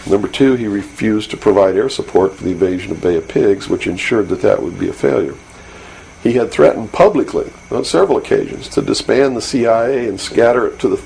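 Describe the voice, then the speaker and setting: A man's voice: fairly low pitch, creaky, a little mellow, rough recording. A man as an interview guest, speaking earnestly and insistently, with many fillers and restarts. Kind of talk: recorded interview. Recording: faint hiss from an old 1992 interview tape.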